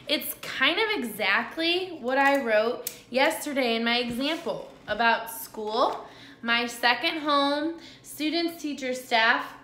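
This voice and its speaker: A cheerful woman teacher talks young children through a lesson, chatty and encouraging. Her voice sits a little high and sounds bright, and she takes her time. The room around her rings with echo. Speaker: second-grade teacher. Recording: echoey room.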